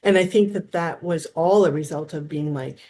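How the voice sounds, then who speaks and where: Animated woman therapist telling stories. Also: low-pitched, moderate pace, slight background noise. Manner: animated, acts out quoted dialogue, frequent restarts. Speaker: therapist, guest. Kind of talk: casual storytelling interview.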